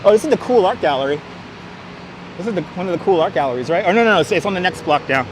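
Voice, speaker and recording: A man's voice: high-pitched, expressive, fast talker. Joking man livestreaming on city streets. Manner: joking, sarcastic running commentary. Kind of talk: casual walking livestream. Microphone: wireless clip-on mic. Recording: outdoor traffic noise.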